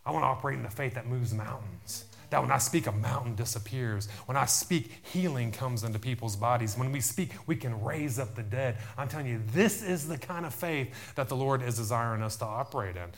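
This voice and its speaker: A man's voice: mid-range voice, brisk, vocal fry, hardly any pauses. Fervent man preaching a sermon. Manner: fervent, repetitive preaching with many amens.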